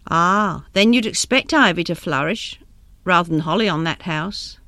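A woman's voice: on the low side, moderate pace, pushed and bright, no echo. A woman voicing an elderly male seedsman who talks in a folksy, knowing way.

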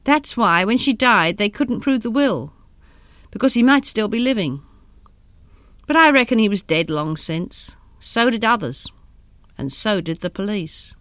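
A woman's voice: medium pitch, animated, unhurried, a bit bright, no room sound. A woman voicing an elderly male seedsman who talks in a folksy, knowing way.

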